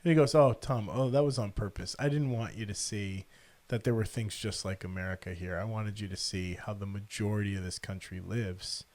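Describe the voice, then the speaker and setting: A man's voice: lowish voice, brisk. A middle-aged man hosting a podcast, telling a story casually and acting out the people in it. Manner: animated, quotes people in the story. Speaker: podcast host.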